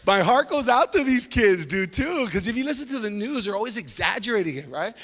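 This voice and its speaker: A man doing a stand-up comedy set, animated and laughing as he acts out voices. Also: high-pitched, a little fast, big-room sound.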